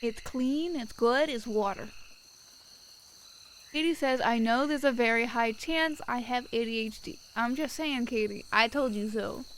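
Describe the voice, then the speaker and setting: A woman's voice: fairly high pitch, measured pace, rough recording. Woman streamer, casual rambling chat, swears a lot, light hiss in the background. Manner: swears freely, rambling with filler words. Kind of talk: casual live-stream chat, reading viewer messages. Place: at her desk at home.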